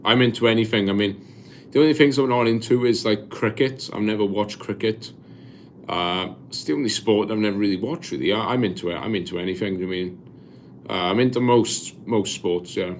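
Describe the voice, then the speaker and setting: A Welsh man in his twenties chatting casually on a live stream, reading viewer comments aloud and answering in a halting, rambling way with lots of restarts. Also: on the low side, slight background noise. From Wales. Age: 20s.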